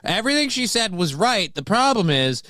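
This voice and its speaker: A man's voice: high voice, very animated, normal speed, bright, forceful tone, no room sound, clean studio sound. A man hosting a morning talk show, chatting casually in a blunt, profane, joking way. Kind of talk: casual chat.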